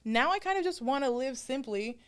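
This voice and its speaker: A woman's voice: high voice, animated, brisk. A woman co-hosting a podcast in casual chat, thinking aloud in a reflective way with lots of filler words. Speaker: podcast co-host.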